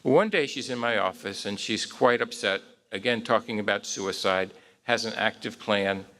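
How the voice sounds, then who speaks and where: A man's voice: on the low side, normal speed, sharp tone. A man in his sixties, a psychologist giving a conversational conference talk, telling a clinical story with wry, self-deprecating humor and frequent fillers.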